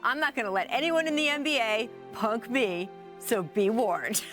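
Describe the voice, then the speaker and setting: Cocky teen rookie boy bragging, a woman puts him on, high and bouncy voice, faint music behind. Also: lively intonation, normal speed, fairly bright tone. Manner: swaggering, boastful. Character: brash cocky teenage male basketball rookie.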